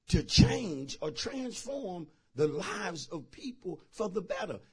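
A middle-aged male pastor preaching a sermon in a church, telling folksy stories and building into shouted preaching. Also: on the high side, slightly rough. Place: church sanctuary.

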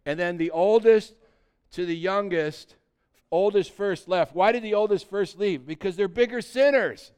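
Older male pastor, sermon, high voice, smooth and resonant, animated, loud then hushed, rhetorical questions. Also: unhurried. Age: 60s. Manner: animated, shifts between loud emphasis and hushed quiet; conversational, asks the congregation rhetorical questions.

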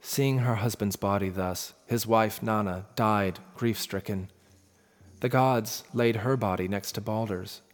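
A man narrating a myth in a measured, dramatic storytelling manner. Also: on the low side. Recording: long reverb with faint music.

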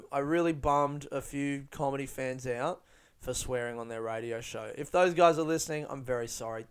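A man's voice: fairly high pitch, clean tone. A man hosting his own podcast, telling a rambling, profane, self-deprecating story about his comedy gigs. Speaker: podcast host and stand-up comedian. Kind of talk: casual solo storytelling.

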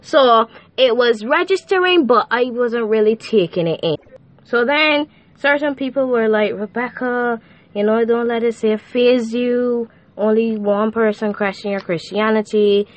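A woman's voice: a little high, a little slow. A young woman talking casually to her viewers about her faith, chatty and slangy with many fillers. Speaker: vlogger. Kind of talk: casual faith vlog monologue.

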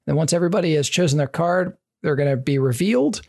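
Brief: gravelly-voiced player who walks through game rules step by step, um-ing along the way. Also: mid-range voice, expressive, fast talker, a little mellow. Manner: explains step by step with frequent fillers. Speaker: rules explainer. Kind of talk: casual rules explanation.

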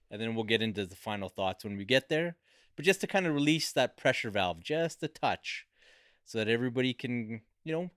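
A man's voice: medium pitch, a bit bright, no echo. Man hosting a podcast, dry sound. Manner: genial, guiding the discussion. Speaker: podcast host.

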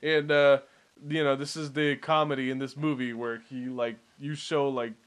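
A man with a mid-range voice retells a film's plot at an easy, unhurried pace. He leans on fillers like "you know" and keeps a relaxed, chatty tone. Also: medium pitch, clear, resonant tone. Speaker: podcast co-host. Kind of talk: casual movie recap chat.

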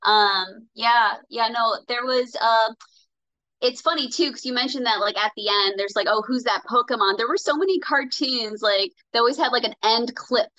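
A woman's voice: a little high, normal speed, pushed and bright, lo-fi sound. A woman in her thirties or forties from Minnesota, a podcast guest chatting casually and enthusiastically with lots of fillers. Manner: enthusiastic, rambling with many fillers. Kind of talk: casual chat.

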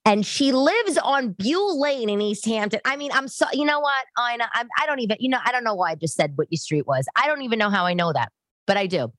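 Speaking briskly in a slightly high, expressive and somewhat bright voice, a middle-aged woman rambles chattily through a casual podcast monologue from her living room, drifting into tangents. The recording is dry.

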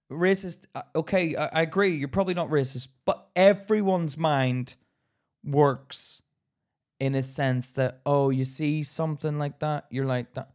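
A man from Ireland co-hosting a podcast, talking in casual chat, animated and profane, acting out the voices of people in his stories. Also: fairly high pitch, unhurried. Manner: animated storyteller who swears and acts out quotes. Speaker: podcast co-host.

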